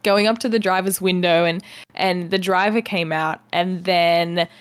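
A woman's voice: on the low side, steady tone, measured pace, clear, resonant tone, no room sound. A young woman co-hosting a casual podcast, chatty, telling a story and acting out her own reactions, often laughing. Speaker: podcast co-host. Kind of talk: casual chat.

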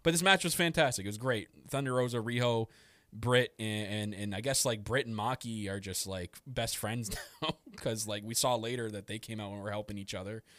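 A man hosting a casual podcast, talking in a rambling, excited way and often laughing. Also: lowish voice, brisk, dry recording. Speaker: podcast host. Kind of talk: casual wrestling podcast chat.

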